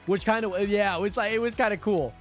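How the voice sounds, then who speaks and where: A man with a high voice talks briskly while livestreaming a game, rambling casually to his chat viewers between game actions. Background music plays underneath.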